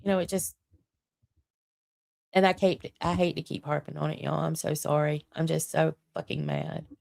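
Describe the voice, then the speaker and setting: A woman in her forties chats on a home livestream in a rambling, profane way, venting her frustration. Her voice sits a little low, and the sound is dry and close with hardly any room echo. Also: fairly even intonation, moderate pace, creaky, darkish tone. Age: 40s. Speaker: livestream host. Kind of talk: casual livestream chat. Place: home computer desk with several monitors.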